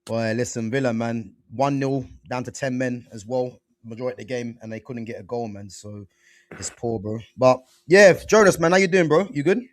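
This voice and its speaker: A man hosting a casual football chat show, animated and slangy, full of fillers and restarts. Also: medium pitch, moderate pace, dry recording. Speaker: football podcast host.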